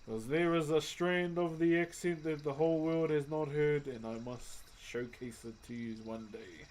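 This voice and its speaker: A man in his thirties with a New Zealand accent, chatting casually to his livestream chat in a relaxed, slangy way while he carves wood. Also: a little high, normal speed. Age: 30s. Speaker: wood carver streaming live.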